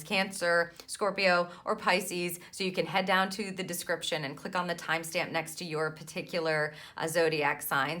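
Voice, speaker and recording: Bright-voiced woman giving a spiritual reading. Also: low-pitched. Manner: soothing, affirming, frequent "right?" asides. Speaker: tarot reader and intuitive mentor. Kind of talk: spiritual card reading monologue.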